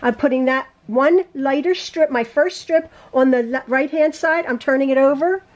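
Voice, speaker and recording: A high-pitched woman talks through a quilting lesson from her home sewing room. She chats as she sews, correcting herself often and circling back to what she meant. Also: moderate pace, dull audio. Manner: rambling, self-correcting, talks while sewing. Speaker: quilting teacher. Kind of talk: chatty sewing tutorial.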